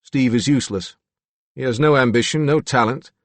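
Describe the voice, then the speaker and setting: A man's voice: mid-range voice, normal speed, no room sound, pitched above the performer's own voice, close to an everyday voice. A man voicing a prim, haughty educated man who speaks in a formal, precise way. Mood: disdainful. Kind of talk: audiobook narration.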